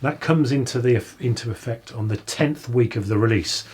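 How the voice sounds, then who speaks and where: A man, co-hosting a music podcast, explaining things in a measured way. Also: medium pitch, darkish tone, a little hiss or hum. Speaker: podcast co-host. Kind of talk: casual chat.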